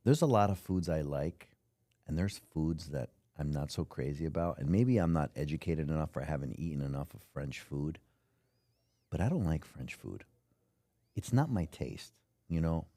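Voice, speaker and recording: A man with a bass voice hosts a casual podcast interview, spinning animated stories and acting out the characters' voices. He talks at a normal speed in a dry recording.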